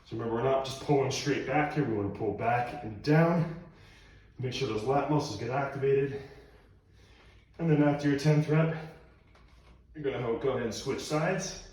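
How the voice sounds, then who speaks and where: A man's voice: medium pitch, moderate pace, pauses often, darkish tone, far from the mic. A male personal trainer giving workout instructions while he demonstrates the moves, out of breath. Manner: coaching cues while demonstrating exercises. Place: room at home. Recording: very echoey room, voice off-mic.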